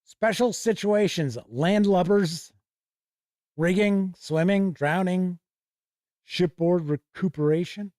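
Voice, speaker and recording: A man with a fairly high voice who hosts a tabletop game show in a casual, unhurried way. He reads item lists aloud from a rulebook and drops little asides and corrections. The sound is dry and close to the microphone. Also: darkish tone, no room sound. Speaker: show host reviewing tabletop RPG books. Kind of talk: casual chat, reading from a rulebook on stream.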